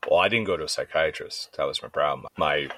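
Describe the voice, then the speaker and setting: Low, deep-voiced man telling blunt stories. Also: fast talker, pushed and bright, a little hiss or hum. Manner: candid, swearing storyteller who acts out quoted voices. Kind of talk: casual chat.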